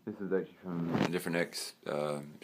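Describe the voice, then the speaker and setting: Casual room-tour vlogger: young Australian guy, deep voice, meandering and sweary. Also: steady tone, brisk, background noise. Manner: rambling, swears casually, trails off with fillers. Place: own bedroom.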